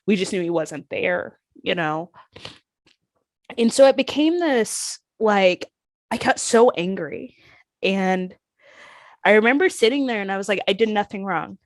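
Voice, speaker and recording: A woman, a professional wrestler, telling candid stories in an interview and acting out past conversations with lively shifts. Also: mid-range voice, unhurried, pauses often, no echo. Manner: animated, acts out past conversations in her stories.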